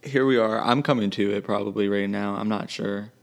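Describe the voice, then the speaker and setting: Young dude cohosting a podcast, just woke up, low groggy voice, super laid back. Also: male voice, fairly even intonation, a little fast, vocal fry. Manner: laid-back, sleepy morning talk. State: just woken up. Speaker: podcast co-host. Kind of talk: casual chat.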